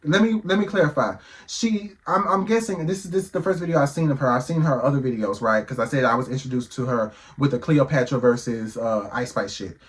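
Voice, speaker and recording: A man's voice: medium pitch, quick pace, hardly any pauses. A man giving heated reaction commentary, firing off rhetorical questions and swearing freely.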